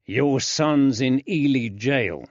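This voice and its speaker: A man narrating an audiobook, voicing a plain-spoken, sarcastic constable in a dry, unhurried voice. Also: medium pitch, animated, dry recording, pitched above the performer's own voice. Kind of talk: audiobook character voice. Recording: dry, slightly dull.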